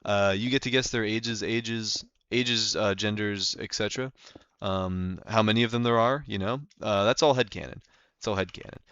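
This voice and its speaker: A man's voice: lowish voice, steady tone, moderate pace, fairly bright tone, smooth, dry recording, muffled recording. A young man live-streaming a game, chatting casually and rambling with lots of fillers.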